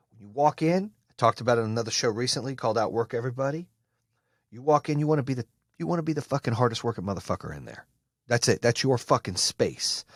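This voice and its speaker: A man hosting a podcast, giving an intense, profane motivational monologue with shouting bursts. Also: mid-range voice, husky, no room sound, clean studio sound. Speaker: podcast host.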